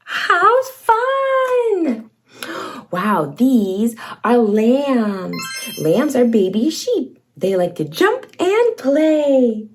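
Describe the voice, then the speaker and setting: Woman, kids' show host, high bouncy voice, slow and sing-song, does animal sounds for toddlers. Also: sing-song, faint music behind. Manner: gasps and cheers to coax a toddler. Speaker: children's educational show host. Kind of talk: toddler learning video, reading aloud.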